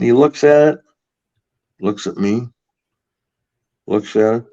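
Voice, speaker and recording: On a slightly muffled podcast recording, a guest from Buffalo, New York talks in a lowish, mellow voice at a slow pace. He spins long, meandering stories laced with swearing, casual in tone.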